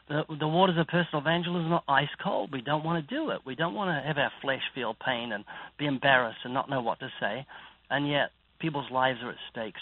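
A man's voice: fairly high pitch, dry recording. A man with a New Zealand accent, an evangelist speaking earnestly and preaching in an interview. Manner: earnest, preacherly, vivid storytelling. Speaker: evangelist guest. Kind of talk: interview about faith. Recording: dry phone-like line.

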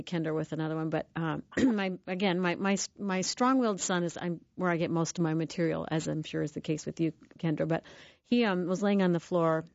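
Female radio host, lowish voice, chatty and laughing, dry muffled studio sound. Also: dry recording. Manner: warm storytelling with frequent laughs. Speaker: radio talk show host. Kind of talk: call-in radio chat.

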